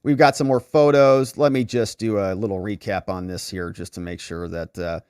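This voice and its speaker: A man's voice: lowish voice, fairly even intonation, moderate pace, a little mellow, clear, resonant tone, no room sound, studio quality. A man hosting a legal commentary show, talking casually and thinking aloud as he walks through a set of messages. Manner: thinking aloud, conversational, with fillers.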